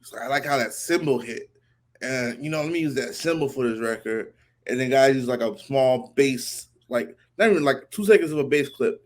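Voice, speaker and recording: A man chatting casually about TV and movies in a relaxed, slangy way, with hesitant fillers. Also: mid-range voice, moderate pace. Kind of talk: casual chat.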